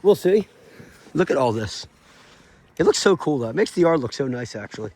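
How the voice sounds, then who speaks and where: A man's voice: mid-range voice, big pitch swings, a little fast, a little mellow, slightly rough. A man casually talking to the camera in a family vlog, upbeat and chatty, recorded outdoors in the snow. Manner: upbeat, chatty, laughs often. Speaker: family vlogger. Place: outdoors in snowy yard.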